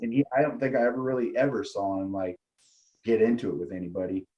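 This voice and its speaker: Lower-voiced dude rambling through old road stories, cussing and laughing, casual podcast chat. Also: male voice, quick pace, mellow, dull audio. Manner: loose storytelling with lots of swearing and laughter. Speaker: guest.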